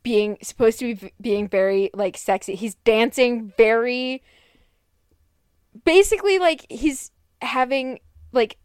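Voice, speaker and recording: A woman chatting casually as a podcast co-host, rambling and animated, with lots of fillers and laughter. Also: a little high, a little slow, clear, resonant tone, no room sound, clean studio sound.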